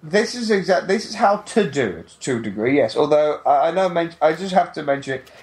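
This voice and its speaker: A man's voice: on the high side, expressive, a little fast. Blunt, cheerful male wrestling podcaster. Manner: blunt, swears, mocking asides. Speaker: podcast co-host. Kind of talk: casual wrestling chat.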